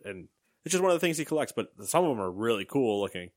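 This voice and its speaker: A man's voice: on the low side, sing-song, fast talker, dry recording, studio quality. A young man co-hosting a casual gaming podcast, joking and rambling with sarcastic asides, hiccuping now and then. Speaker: podcast co-host. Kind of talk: casual chat.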